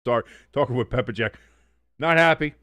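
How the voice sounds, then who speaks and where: A man's voice: mid-range voice, brisk, dry recording. A man hosting a casual live-stream watch-along, reading chat aloud and swearing freely as he reacts. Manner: profane, animated, reads chat aloud.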